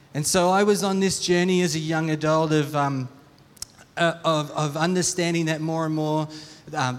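A middle-aged man preaching a sermon as a personal testimony. He speaks earnestly and haltingly, often restarting and repeating words. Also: on the high side. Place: church hall. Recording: long reverb from a church hall.

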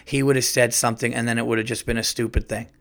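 A middle-aged man hosts his podcast solo, rambling through stories in a loose, profane, animated way. His voice sits in an ordinary middle pitch, neither high nor low. He sounds casual and unscripted. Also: fast talker. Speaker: podcast host.

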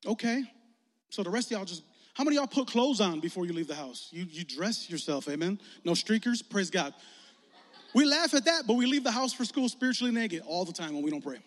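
A man, preaching a lively, joking youth sermon that rises to shouts. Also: high voice, fairly quick. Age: 40s. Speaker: youth pastor. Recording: long hall reverb.

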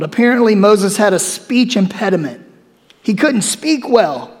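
A male preacher giving a sermon in a conversational, animated way, acting out scripture as he goes. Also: high voice, unhurried. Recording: long hall reverb.

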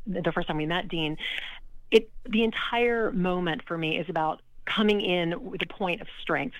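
A woman from Louisiana, a charity auctioneer, telling stories as a guest in a podcast interview with confident, animated delivery. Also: low-pitched, no echo, rough recording. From Louisiana, USA.

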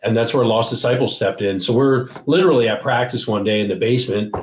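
A man from Maryland tells stories in a rambling, animated way during a casual chat. His voice sits in the middle of the male range. The recording picks up a roomy echo around him. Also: medium pitch, quick pace, a little hiss or hum. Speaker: guest musician. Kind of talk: casual storytelling interview.

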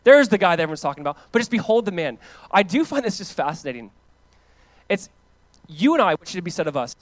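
An American pastor preaches in a conversational, animated style, swinging from loud, emphatic lines to hushed ones and repeating phrases for emphasis. His voice is high-pitched and fast, with no room sound.

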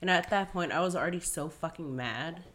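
A woman's voice: on the low side, brisk, a bit bright. A woman around thirty, co-hosting a podcast, tells a story in casual, profane chat, acting out both sides. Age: 30s. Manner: profane, storytelling, often quoting herself. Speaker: podcast co-host.

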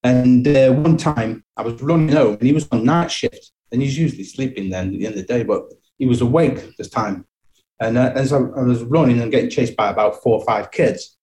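Mellow-voiced middle-aged Englishman reminiscing. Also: mid-range voice, a little fast. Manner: reflective, chuckling, frequent restarts. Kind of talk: personal storytelling.

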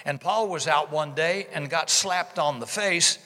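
Emphatic folksy preacher, bright voice. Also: male voice, on the high side, measured pace, long reverb tail. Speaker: pastor. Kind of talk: sermon. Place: church sanctuary.

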